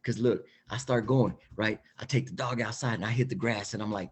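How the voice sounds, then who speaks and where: A man giving an energetic, emphatic motivational talk as a guest, repeating phrases for effect. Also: mid-range voice, fairly quick, breathy edge. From Mexican heritage.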